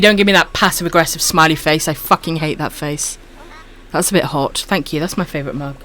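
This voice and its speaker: A woman from Wales with a husky voice and a dry throat, chatting casually to viewers while streaming a game and calling them her darlings. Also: low-pitched, a little fast, a bit bright, a little hiss or hum. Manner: affectionate, calls viewers my darlings.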